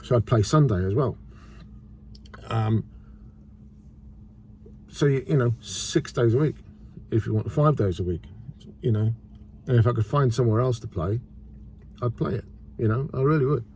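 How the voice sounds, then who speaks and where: A man's voice: medium pitch, normal speed, long pauses, mellow, slight background noise. A middle-aged man chatting casually to camera outdoors, rambling and eating as he talks. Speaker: vlogger. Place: outdoors in a city square.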